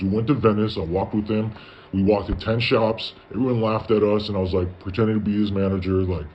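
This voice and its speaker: Recorded in his parents' garage on dull lo-fi audio with faint background noise, a guest tells a long, casual story in a lowish, fairly even voice that moves a little fast. He swears a lot and keeps quoting himself with "I was like."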